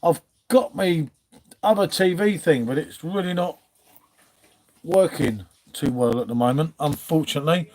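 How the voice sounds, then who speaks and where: A man's voice: fairly high pitch, animated, moderate pace, darkish tone. Chatty british man hosting a stream. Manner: chatty, reads viewer names, trails off and restarts. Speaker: live stream host. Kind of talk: casual live-stream chat.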